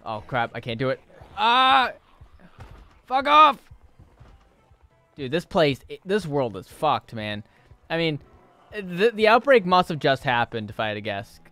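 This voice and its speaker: A young man streaming his first run of a survival game, his voice leaping around as he mutters, swears and suddenly shouts in panic. Faint game music plays under his commentary. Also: mid-range voice, sing-song, moderate pace, no room sound. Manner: panicky, swearing, yelps and shouts when startled; talks to chat and to himself. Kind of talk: live gameplay commentary.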